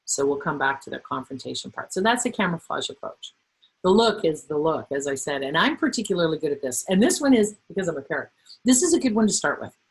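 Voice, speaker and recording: A middle-aged woman trainer presenting a workplace webinar, animated and acting out the voices she quotes. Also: low voice, fast, breathy edge, low-quality recording.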